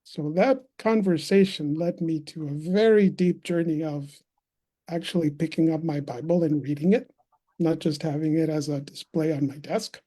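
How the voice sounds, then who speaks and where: A man's voice: fairly high pitch, normal speed, warm tone. A man in his thirties speaking as a conference guest on a video call, telling a personal story in an earnest, reflective way. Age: 30s. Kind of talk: personal testimony talk.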